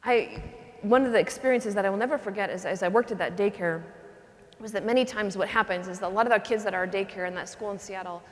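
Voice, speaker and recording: A woman, a religious sister, giving a talk and telling a personal story, earnest and animated, with her voice dropping soft in tender moments. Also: mid-range voice, fast. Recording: long reverb from a hall.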